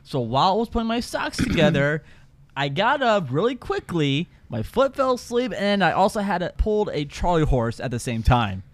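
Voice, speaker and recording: A man hosting a podcast in casual chat, animated and laughing easily. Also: high-pitched, normal speed, no echo. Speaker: podcast host.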